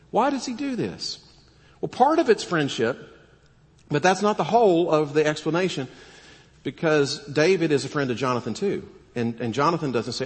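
A man preaching a sermon, animated and full of rhetorical questions, now and then acting out quoted voices. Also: on the high side. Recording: long hall reverb.

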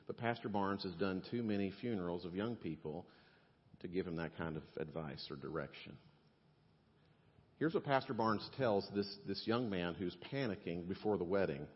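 A man preaching a sermon, animated, acting out the voices of the people he quotes. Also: lowish voice. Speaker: pastor. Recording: dull sound with long hall reverb.

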